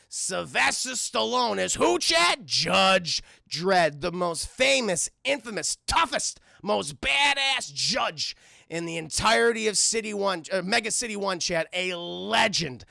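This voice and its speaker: A man streaming a casual, profane, animated film recap, constantly calling out to his chat. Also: high-pitched, moderate pace, gravelly, dry recording, clean studio sound.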